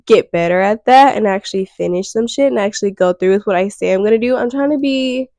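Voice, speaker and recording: A young woman vlogger speaks directly to the camera in a frank, rambling, self-reflective monologue, thinking out loud and swearing casually. Her mid-range voice is gravelly and quick. The low-quality recording is dry and close, with no room sound at all.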